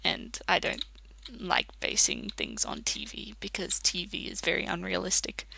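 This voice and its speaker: Rambling Australian gamer with gravelly edge. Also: mid-range voice, huge pitch swings, normal speed, bright, forceful tone, slight background noise. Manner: rambling, chatty, laughs often. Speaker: let's play commentator. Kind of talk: casual gaming commentary.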